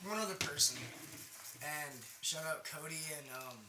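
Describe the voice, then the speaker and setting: High-voiced young man telling a rambling story. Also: lively intonation, moderate pace, heavy background noise. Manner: rambling, profane, laughs often. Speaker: podcast co-host. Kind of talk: casual storytelling with friends. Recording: echoey room with chatter behind.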